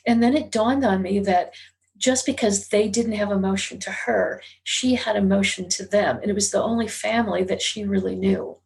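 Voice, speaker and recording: A woman's voice: mid-range voice, fairly even intonation, normal speed, gravelly, darkish tone. A middle-aged woman, a guest on an interview podcast, telling a personal story in an earnest, confessional way that is at times emotional. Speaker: guest, psychic medium.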